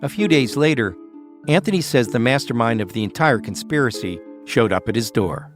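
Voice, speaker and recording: A man hosting and narrating a documentary podcast in a measured, scripted storytelling way. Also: mid-range voice, expressive, over music.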